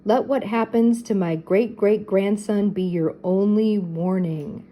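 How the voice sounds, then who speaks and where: A woman voicing the scratchy-voiced ghost of an old man, speaking slowly and solemnly. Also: mid-range voice, fairly even intonation, warm tone, close to an everyday voice. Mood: menacing. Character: old male ghost cursing a castle.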